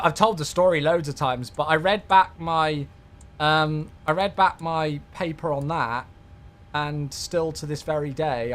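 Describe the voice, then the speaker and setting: British man, thirties, live streamer, casual chat, excitable, high voice, lively swings. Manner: excitable, effusive when thanking viewers.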